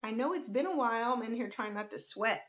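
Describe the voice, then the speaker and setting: A woman's voice: fairly high pitch, fast talker, a bit bright. A middle-aged woman, hosting a casual livestream and greeting viewers by name in a down-to-earth way. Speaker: host, life coach. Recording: lo-fi livestream audio.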